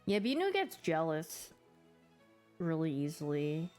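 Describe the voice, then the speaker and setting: A young woman with a deep voice and wildly swooping pitch chats casually on her stream, bubbly and quick to giggle. She slips into playful little voices for her pets while soft music plays faintly underneath.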